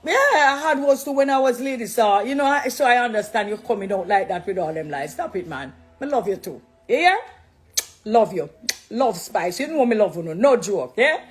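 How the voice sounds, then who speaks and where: A middle-aged Jamaican woman, a dancehall artist who became a Christian, speaks directly to her viewers in a live video. Her voice is a little high and animated at a moderate pace, and she's warm and preachy, slipping between English and patois.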